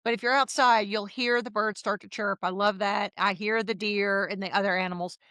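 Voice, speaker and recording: A woman in her fifties, a guest on an interview podcast, who tells her stories in a lively way and acts out the dialogue. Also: mid-range voice, fairly quick, no room sound, studio quality. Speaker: podcast guest, health coach. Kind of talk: casual interview storytelling.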